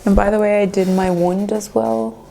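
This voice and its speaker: A woman's voice: mid-range voice, level tone, moderate pace, creaky, noisy background. A young woman in her twenties vlogging at home to camera, talking candidly and nervously about the pain she is in. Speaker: beauty vlogger. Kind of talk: casual vlog talk to camera. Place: at home indoors.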